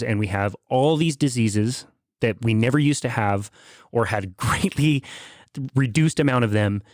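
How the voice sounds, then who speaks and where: A man hosting a podcast interview, summing up ideas in steady, measured phrases. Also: medium pitch, dry recording, clean studio sound. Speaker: podcast host.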